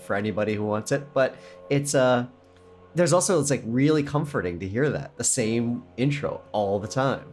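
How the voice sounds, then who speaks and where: A middle-aged man co-hosting a podcast, chatting casually and telling stories with quick asides and laughs. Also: mid-range voice, expressive, darkish tone. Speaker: podcast co-host. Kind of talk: casual chat.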